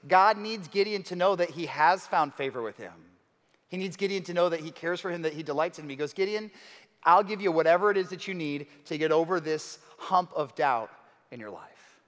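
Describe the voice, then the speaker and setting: A man preaching a sermon as pastor, dramatic, moving between hushed lines and emphatic ones. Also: fairly high pitch, lively intonation, fairly quick. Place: church hall. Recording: reverberant hall.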